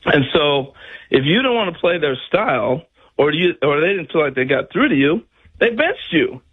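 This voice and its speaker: An older man, a former major league player, telling baseball stories on a talk show in a casual, animated way and acting out other people's lines. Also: on the high side, moderate pace, husky, narrow, tinny audio. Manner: animated storyteller, acts out other people's lines, laughs often.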